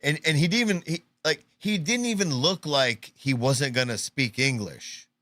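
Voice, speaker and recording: A man's voice: a little high, moderate pace, a bit bright, dry recording. A male live-show host riffing on news clips with a mocking edge. His voice sits in a dry, close-miked room. He jumps into silly put-on voices to play out what he sees. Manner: sarcastic, mocking, puts on voices to act out clips. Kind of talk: casual commentary on news clips.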